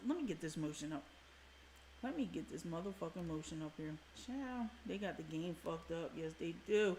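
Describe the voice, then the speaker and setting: This livestream host has a lowish, slightly mellow voice and speaks animatedly at a normal speed, with a roomy sound and slight background noise. She's profane, blunt, and chatty in her casual commentary, greeting viewers by name.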